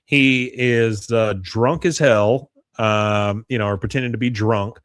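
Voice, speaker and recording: A man's voice: lowish voice, steady tone, unhurried, fairly bright tone, smooth, no room sound. A man co-hosting a podcast, casually recapping a TV episode and briefly acting out characters' lines. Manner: retells scenes, acting out lines in brief voices. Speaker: podcast co-host.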